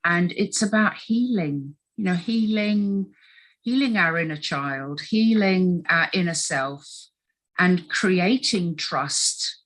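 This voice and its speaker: A middle-aged woman with a fairly low voice talks through her coaching work in a relaxed interview. She is animated, slipping into quick voices as she quotes people. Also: rough recording. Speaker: health coach guest. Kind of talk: casual conversational interview.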